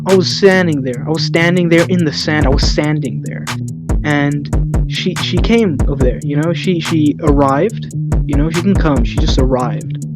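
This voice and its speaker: A young man co-hosting a casual podcast, telling a school story in an animated, crude, self-mocking way. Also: fairly high pitch, moderate pace, over loud music. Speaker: podcast co-host.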